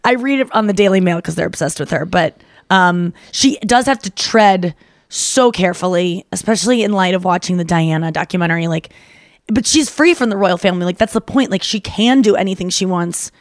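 A woman's voice: lowish voice, fairly quick, dry recording, clean studio sound. A woman hosting a podcast in casual chat, rambling with lots of fillers. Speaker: podcast host. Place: Los Angeles studio.

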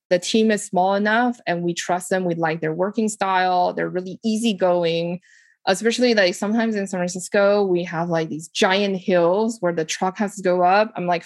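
Lively woman podcaster with a low voice. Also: no echo. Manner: lively, animated delivery with frequent "like" and "you know". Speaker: podcast host and home staging business owner. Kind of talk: casual advice podcast, answering listener questions.

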